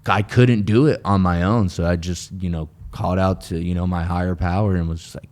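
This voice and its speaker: A man with a very low voice talks as a guest in a relaxed interview, earnest and rambling. He circles back on his words, restarts sentences and leans on fillers as he tells his story of recovery. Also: brisk, few pauses. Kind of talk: casual interview chat.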